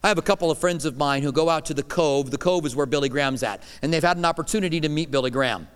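A middle-aged male pastor preaching a sermon, swinging between loud emphatic declarations and quiet, hushed lines. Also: fairly high pitch, very fast, clear, resonant tone. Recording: long hall reverb.

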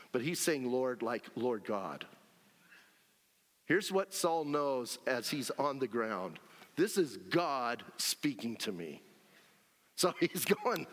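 A man preaching a sermon in an animated, conversational way, often checking in with his listeners. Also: medium pitch. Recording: long hall reverb.

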